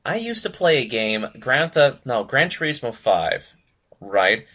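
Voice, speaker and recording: A man's voice: medium pitch, very animated, a little slow, sharp tone, slightly rough. A man co-hosting a casual gaming podcast, rambling with lots of fillers and laughing often. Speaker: podcast co-host. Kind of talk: casual chat.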